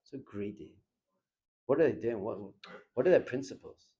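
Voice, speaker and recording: A man teaching a lively Torah class in a classroom. He acts out little scenes and chuckles often as he talks. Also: medium pitch, moderate pace, slightly rough.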